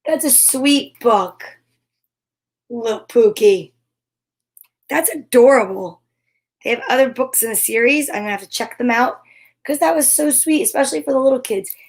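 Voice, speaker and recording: A woman hosting a children's story time, talking in an upbeat, gentle, affirming way. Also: a little high, normal speed, pauses often, low-quality recording. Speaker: host reading children's books.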